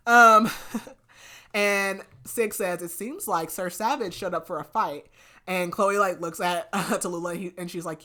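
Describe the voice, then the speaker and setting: A woman's voice: on the low side, moderate pace. Chatty woman recapping a romance novel. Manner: animated retelling with lots of "like", half-acting the quotes. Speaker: podcast host. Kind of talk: casual book recap.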